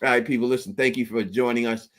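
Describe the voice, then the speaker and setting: A man hosting a loose call-in stream, talking in an animated, excitable way. He laughs often and stumbles through restarts as he makes his point. His voice sits in an ordinary middle pitch. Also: quick pace. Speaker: livestream host. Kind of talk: casual call-in chat.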